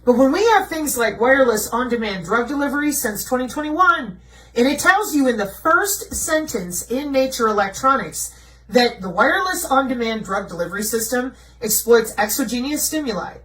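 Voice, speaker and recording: A woman's voice: a little high, animated, normal speed, fairly bright tone, far from the mic, a little hiss or hum, rough recording. A woman presenting slides in a blunt, mocking way, asking herself rhetorical questions and answering them. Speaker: video presenter. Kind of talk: conspiracy commentary over slides.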